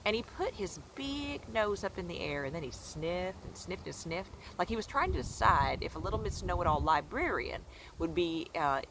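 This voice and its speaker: A woman's voice: on the low side, sing-song, noisy background, voice pushed up. A woman doing an old librarian lady. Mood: suspenseful. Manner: drawn-out storytelling with repeated "yes, ma'am". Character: elderly Southern woman librarian, gentle and talkative. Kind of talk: children's book read-aloud.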